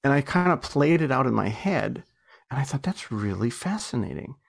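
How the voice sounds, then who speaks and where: A man's voice: medium pitch, animated, normal speed, creaky. A man being interviewed as an author and entrepreneur, telling stories in a chatty, self-deprecating way with frequent laughs and restarts. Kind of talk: casual storytelling interview.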